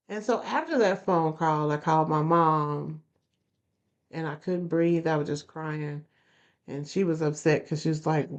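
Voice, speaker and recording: A woman's voice: medium pitch, measured pace. A woman hosting a podcast, talking earnestly to listeners and repeating phrases for emphasis. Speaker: podcast host. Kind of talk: motivational podcast talk. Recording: dull lo-fi recording.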